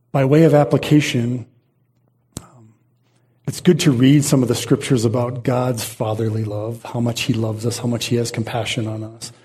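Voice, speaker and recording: This is a sermon from a middle-aged pastor whose mid-range voice is dark, mellow and a bit husky. Earnest throughout, he hammers his points home by repeating phrases, frequently breaking off and starting a thought over.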